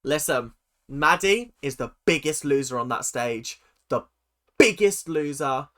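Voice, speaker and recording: A man's voice: on the high side, expressive, unhurried, fairly bright tone. A man giving chatty, sarcastic reaction commentary as host of his channel.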